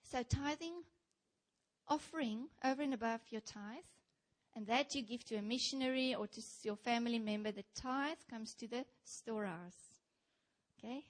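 South African woman preaching to a congregation. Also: a little high. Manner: animated storytelling, addresses the congregation directly. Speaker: church speaker. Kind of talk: sermon.

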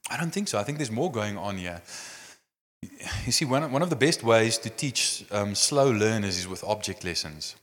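A man preaching a sermon, telling a Bible story with lively gestures and many "I mean" and "you know" fillers. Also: lowish voice, moderate pace. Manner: animated storytelling, acting out scenes. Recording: long hall reverb.

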